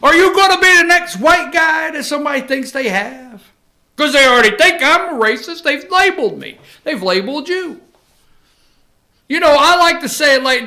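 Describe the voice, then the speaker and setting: A man hosting a talk show, giving animated, sarcastic commentary with asides to his producer. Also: very high voice, normal speed. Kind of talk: casual commentary.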